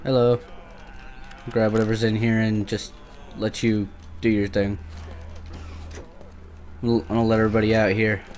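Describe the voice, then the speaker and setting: A man's voice: lowish voice, flat delivery, normal speed, long pauses, darkish tone. A young man giving nervous, swearing commentary while playing a creepy shooter game, often talking back to the monsters. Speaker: gameplay commentator. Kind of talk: let's play commentary.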